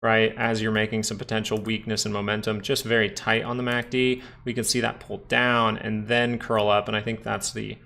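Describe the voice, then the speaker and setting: A man's voice: on the low side, flat delivery, normal speed, vocal fry, few pauses, sharp tone. A man hosting a live stock market stream, chatting casually as he explains charts and answers viewers, often adding "right?". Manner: chatty, explains while reading viewer chat; frequent tag questions like "right?". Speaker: stock market livestream host.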